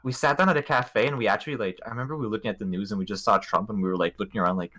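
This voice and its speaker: A man's voice: on the low side, steady tone, very fast, fairly bright tone. A young man from Montreal, hosting a casual podcast, telling rambling, profane, jokey travel stories. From Montreal, Canada. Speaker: podcast host. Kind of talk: casual storytelling chat.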